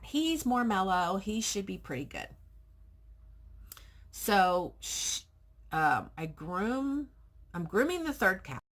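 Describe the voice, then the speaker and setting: A woman vlogger who works as a pet groomer, retelling a customer encounter in a casual, animated way and acting out both sides of the conversation. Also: fairly low pitch, breathy edge. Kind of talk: casual storytelling vlog.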